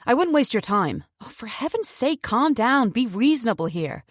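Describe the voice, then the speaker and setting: A woman's voice: fairly high pitch, sing-song, moderate pace, no room sound, studio quality, voice pushed up. Woman voicing a coolly menacing gunwoman captor. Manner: chatty, patronising, falsely soothing.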